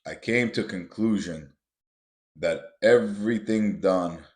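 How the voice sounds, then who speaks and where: A man's voice: on the low side, slow pace, a little mellow. A man hosting a podcast, telling a motivational personal story in a casual way. He calls his listeners guys and builds to emphatic, repeated points. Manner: builds to emphatic, repetitive punches. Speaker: podcast host. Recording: roomy echo.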